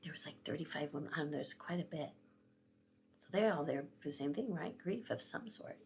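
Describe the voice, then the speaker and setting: A woman's voice: deep voice, brisk, slight background noise. A tearful woman in her sixties telling a personal story in a vlog, emotional and often dropping to a whisper. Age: 60s. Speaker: vlogger.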